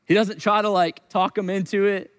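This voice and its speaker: A high-voiced man preaches in a lively, animated way, slipping into the voices of the people he quotes. His sermon rings out with a long hall reverb. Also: normal speed, clear, resonant tone. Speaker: pastor.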